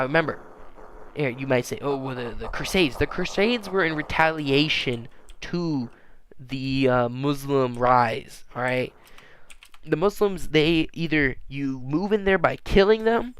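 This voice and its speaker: A man's voice: a little high, a bit bright, clean tone, no room sound. A man rambling through a casual monologue, often restarting and tagging on "all right?". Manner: halting, frequent restarts and fillers.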